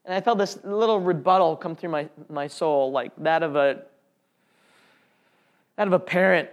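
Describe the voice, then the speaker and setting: A man's voice: on the high side, moderate pace, highs cut off. A man telling an audience his personal faith testimony in an earnest, heartfelt way. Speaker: speaker sharing a testimony.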